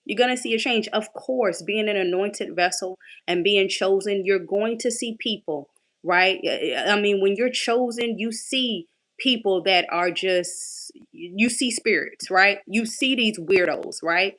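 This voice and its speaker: A young woman coach giving a casual inspirational faith talk in a lively, conversational, preachy way. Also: medium pitch, measured pace.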